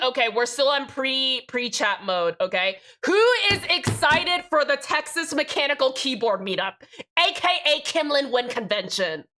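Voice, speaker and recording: A woman's voice: on the high side, bright, forceful tone. A young woman streaming live, chatting casually with viewers, bubbly, swearing freely and reading chat aloud.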